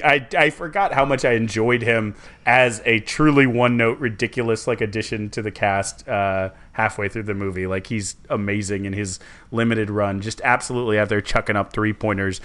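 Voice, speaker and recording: A young man, co-hosting a podcast in casual, rambling, animated chat. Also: lowish voice, a little fast. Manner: rambling, self-correcting and animated. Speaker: podcast co-host.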